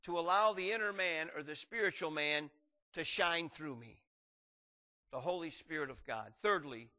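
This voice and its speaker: Fervent preacher man, muffled recording. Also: moderate pace. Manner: rises in pitch and volume to drive points home; reads scripture aloud in King James wording. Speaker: pastor. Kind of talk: sermon.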